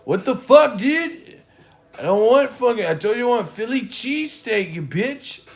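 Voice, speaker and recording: A man voicing a bratty teenage boy who yells at his mother in a whiny, foul-mouthed way. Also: very high voice, animated, moderate pace, vocal fry, voice pushed up, exaggerated voice. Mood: bratty yelling.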